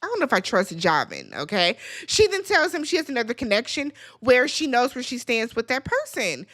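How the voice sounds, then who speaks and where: Sassy woman in her thirties, high and very lively voice, casual recap of a reality show. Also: brisk, hardly any pauses. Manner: animated, sassy, quotes people in exaggerated voices.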